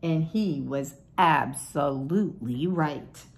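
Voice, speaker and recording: An older woman reading a children's picture book aloud in a gentle, unhurried storytelling manner. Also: deep voice, creaky. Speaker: storybook reader.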